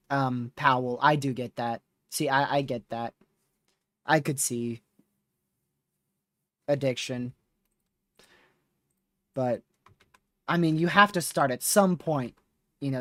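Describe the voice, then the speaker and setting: A man's voice: mid-range voice, measured pace, long pauses, no echo. A man hosting a live severe-weather stream, talking casually with viewers while reading radar, his voice starting to wear out. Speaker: livestream host.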